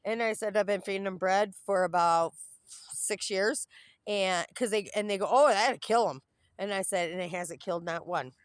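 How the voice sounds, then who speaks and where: A woman's voice: mid-range voice, fairly even intonation, normal speed, smooth, no room sound. A woman vlogging outdoors by a duck pond, venting in a cranky, irritable, rambling way while filming on her phone. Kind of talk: casual rambling monologue to camera.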